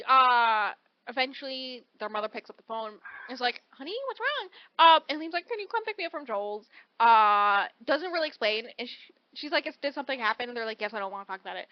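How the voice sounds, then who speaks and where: A woman's voice: a little high, quick pace, no echo, lo-fi sound. A woman co-hosting a casual book podcast, summarizing a story animatedly and acting out the characters' lines. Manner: animated, acts out character quotes. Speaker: podcast co-host.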